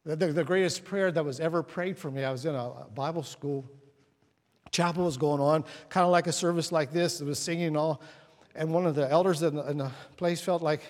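A man preaching a sermon at a church service, telling stories and dropping to hushed tones for emphasis. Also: fairly high pitch, fairly even intonation, brisk. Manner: storytelling, drops to hushed tones. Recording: long hall reverb.

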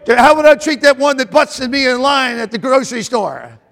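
A male preacher with a strikingly high, gravelly voice delivers a sermon at normal speed in a church sanctuary. He repeats his own phrases, calls out to the congregation, and rises to shouting at the climaxes, his words echoing long through the large hall.

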